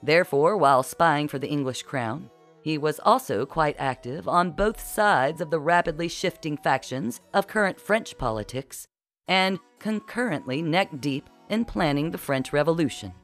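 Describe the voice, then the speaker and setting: An audiobook narrator reading a comic historical story with a wry, even delivery. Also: medium pitch, moderate pace, soft background music. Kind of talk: scripted narration.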